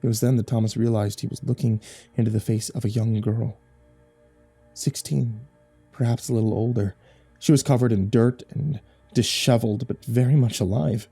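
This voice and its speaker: A man narrating a horror story in a low, hushed, dramatic way. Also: steady tone, moderate pace, vocal fry, slightly rough, faint music behind.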